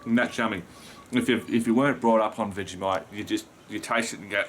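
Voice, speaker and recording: A man's voice: lowish voice, steady tone, brisk, a bit bright, a little hiss or hum. An Australian man chatting casually to camera in a rambling vlog, just woken up and swearing mildly now and then. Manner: rambling, frequent mild swearing. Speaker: vlogger.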